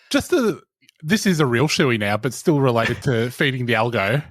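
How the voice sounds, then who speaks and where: A man's voice: medium pitch, expressive, measured pace, slightly rough, no room sound, clean studio sound. A young man, co-hosting a podcast in casual chat, telling stories in a wry, sardonic way. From Australia. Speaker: podcast co-host.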